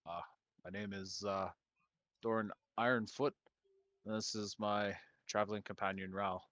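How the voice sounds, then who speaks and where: A man's voice: on the low side, steady tone, measured pace, a bit bright, dry recording. A man voicing a friendly, courteous dwarf adventurer in a tabletop game. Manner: polite, formal greeting.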